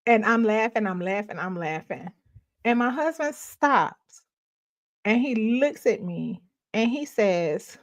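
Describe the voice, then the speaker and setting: A middle-aged woman, hosting a ministry live stream and telling a personal story in casual, animated talk that often breaks into laughter. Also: mid-range voice, measured pace. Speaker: ministry host.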